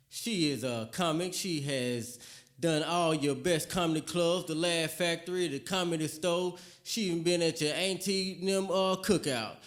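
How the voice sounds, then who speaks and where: A man's voice: fairly high pitch, normal speed. A man hosting a comedy show, hyping up the crowd with loose banter between acts. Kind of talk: emcee introductions.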